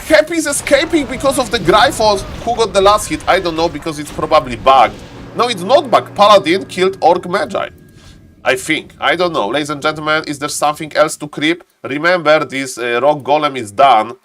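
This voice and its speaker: A man giving live esports commentary, excitable and playful, bursting into high exclamations and joking asides. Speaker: game caster.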